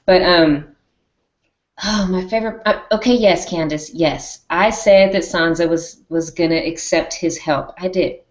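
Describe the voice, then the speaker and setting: Woman, host, animated casual chat, lowish voice, muffled lo-fi sound. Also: unhurried, roomy sound. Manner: animated, acts out characters' lines. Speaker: show host. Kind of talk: casual live-stream discussion. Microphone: video call.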